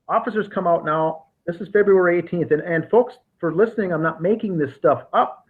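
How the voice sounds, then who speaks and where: A man's voice: high voice, brisk. A man hosting a podcast, recounting case details methodically with frequent restarts. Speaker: podcast host. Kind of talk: casual investigative discussion. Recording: tinny phone-like line.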